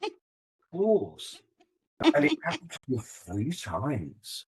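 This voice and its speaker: A man's voice: on the high side, wildly swooping pitch, slow, vocal fry, a little mellow, slightly rough, poor audio. An older man, a musician being interviewed, telling stories in a thoughtful, hesitant, self-deprecating way. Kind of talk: casual interview storytelling.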